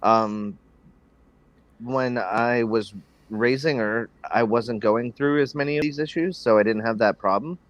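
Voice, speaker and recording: A man's voice: mid-range voice, a little slow, lo-fi sound. A man talking casually as a podcast guest, in a laid-back way with many ums and restarts.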